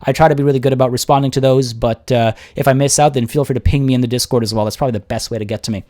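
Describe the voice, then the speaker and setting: A man's voice: medium pitch, steady tone, very fast, warm tone. Chatty man hosting a game livestream. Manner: chatty, reads chat aloud, laughs often. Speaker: livestream host and game caster. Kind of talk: casual livestream chat and game commentary.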